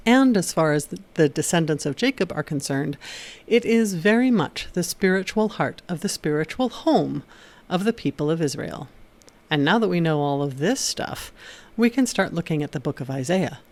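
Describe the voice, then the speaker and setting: A woman hosting an educational video, reading a scripted narration in a steady explanatory way with occasional wry asides. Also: on the low side, normal speed. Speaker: video essay host.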